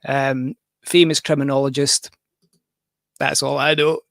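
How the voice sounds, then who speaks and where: A man's voice: mid-range voice, level tone, unhurried, gravelly, a bit bright, no echo. Rambling self-mocking Scottish man. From Scotland. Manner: rambling, self-deprecating, jokey. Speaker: livestream host and musician. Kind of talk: casual livestream chat.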